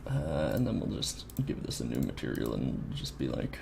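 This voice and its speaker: A Canadian man live-streams his game development, muttering and thinking aloud while 3D modeling and occasionally chatting. His voice is a deep rumble with huge pitch swings and vocal fry, at normal speed over background noise.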